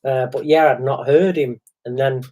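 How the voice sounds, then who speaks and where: Brief: middle-aged man, chatty co-host, animated storyteller who slips into others' voices. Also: mid-range voice, moderate pace. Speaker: podcast co-host. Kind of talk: casual chat.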